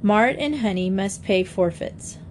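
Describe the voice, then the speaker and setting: A woman's voice: mid-range voice, lively intonation, measured pace, a little hiss or hum, lightly acted. A woman reading as a patient, cheerful father. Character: cheerful farm father leading party games.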